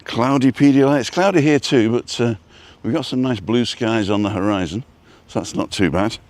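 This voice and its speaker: A man's voice: mid-range voice, a little fast, darkish tone, no room sound. A man hosting a live stream, chatting casually and rambling while he walks outdoors, talking into a phone on a selfie stick and greeting viewers by name. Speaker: vlog host. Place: outdoors, walking down a street.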